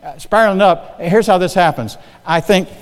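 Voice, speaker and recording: A man's voice: high-pitched, moderate pace. Older male preacher in a reverberant church. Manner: conversational, often checking in with the congregation. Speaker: guest preacher. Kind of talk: sermon.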